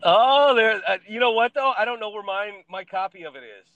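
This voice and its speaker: A man's voice: high voice, fairly quick, a bit bright, dry recording, lo-fi sound. A middle-aged man, a podcast guest, telling rambling stories in casual chat. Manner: rambling anecdotes with fillers and restarts. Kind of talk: casual storytelling.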